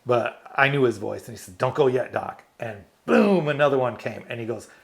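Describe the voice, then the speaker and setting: In a storytelling interview, a man who served as a United States army medic and is now retired recounts war tales, performing the quotes and laughing a lot. He has a creaky, mid-range voice and a moderate pace.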